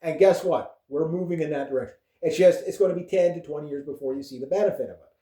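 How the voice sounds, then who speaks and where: Canadian male vlogger, mellow voice sitting a touch high, rambles and swears, roomy echo. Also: fast. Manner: rambling, profane, with frequent fillers and chuckles. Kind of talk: casual political rant. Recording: echoey room.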